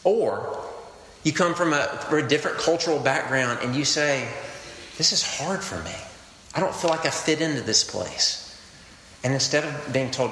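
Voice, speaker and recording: A man delivers a conversational, earnest sermon with a bright, forceful voice. The sound is roomy, with a long reverb tail from a large hall. Faint ambience sits under his words. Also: medium pitch, animated, moderate pace, a little hiss or hum. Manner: earnest, conversational preaching with quoted anecdotes. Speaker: campus ministry pastor.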